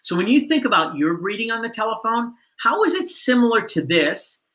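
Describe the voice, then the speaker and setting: A man's voice: extremely high pitch, big pitch swings, fairly quick, fairly bright tone. A man giving a sales training lesson, coaching listeners on phone greetings and asking them questions.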